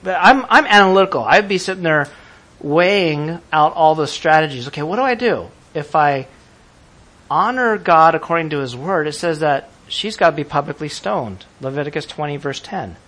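A man preaching a sermon to a congregation, lively and laughing as he acts out how people would react. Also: fairly high pitch, moderate pace. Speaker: pastor.

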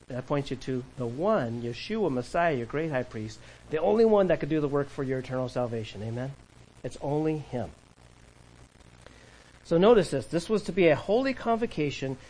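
A man's voice: fairly high pitch, rough recording. A man preaching a sermon to his congregation, emphatic and asking the church questions to answer back. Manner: emphatic call-and-response preaching. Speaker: pastor.

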